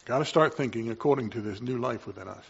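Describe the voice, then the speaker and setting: Male preacher delivering a sermon, mid-pitched, passionate, with swings from hushed to loud; dull lo-fi recording. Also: fast, gravelly, husky. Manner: impassioned, swings from quiet to loud.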